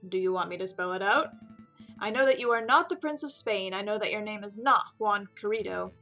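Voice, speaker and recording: A woman's voice: medium pitch, a little fast, pushed and bright, faint music behind. A woman voicing a stern, formal male bird lawyer who gives curt orders.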